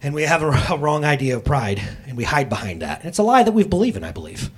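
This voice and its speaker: A man preaching a sermon as a pastor, talking straight to his congregation in a conversational way, with jokey asides and quick self-corrections. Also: a little high, very animated, husky.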